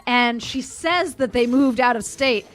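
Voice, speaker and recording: A woman co-hosting a let's play, telling a rambling, gossipy story with blunt dark humor in casual chat. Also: a little high, unhurried, faint music behind. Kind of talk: casual chat over gameplay.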